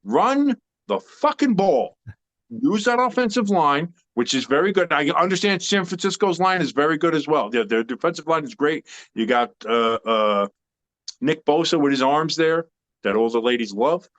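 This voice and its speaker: A man's voice: a little high, moderate pace, fairly bright tone. A man co-hosting a sports podcast in casual chat, opinionated and emphatic, rambling with fillers. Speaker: podcast co-host.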